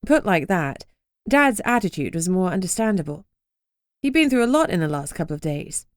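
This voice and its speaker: A woman's voice: lowish voice, big pitch swings, normal speed, no echo, clean studio sound. A woman narrating a first-person urban fantasy audiobook in a wry, sardonic way.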